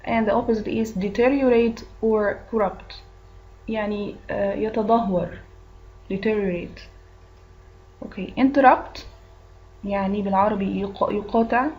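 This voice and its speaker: A woman's voice: mid-range voice, fairly even intonation, brisk, pauses often, highs cut off, slight background noise. A woman English teacher with an Egyptian accent and Arabic as her first language, patiently going through answer choices and explaining words. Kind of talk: recorded English lesson.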